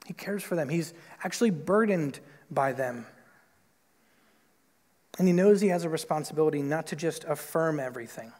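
A man's voice: moderate pace, pauses often, darkish tone. A man preaching a sermon as pastor, talking conversationally with many casual fillers and acting out quoted voices. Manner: conversational, lots of "like" and "right?"; acts out quoted voices with big pitch jumps. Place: church sanctuary. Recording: long hall reverb in a church.

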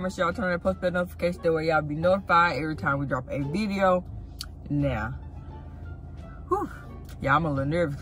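A young woman, a prank vlogger talking casually from a car, quick to flare up into loud arguing. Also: lowish voice. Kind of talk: casual chat.

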